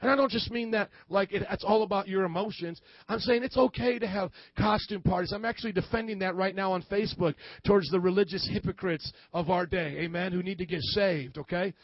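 A pastor with a high voice delivers his sermon in a lively, joking way and laughs at himself. The recording sounds dull and lo-fi. It is dry, with no room echo. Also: a little fast, hardly any pauses. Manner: animated, acts out quoted voices; jokey and self-deprecating.

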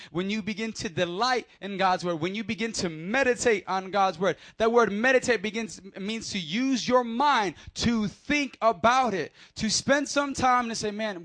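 A man giving a playful, energetic sermon to a youth crowd, leading call-and-response and laughing with them. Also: high voice. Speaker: youth pastor.

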